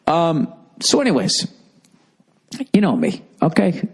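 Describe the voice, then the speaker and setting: A man's voice: fairly high pitch, expressive, moderate pace, darkish tone. A podcast host rambling through a comedic monologue, a man swearing constantly and acting out both sides of his arguments in exasperated retellings.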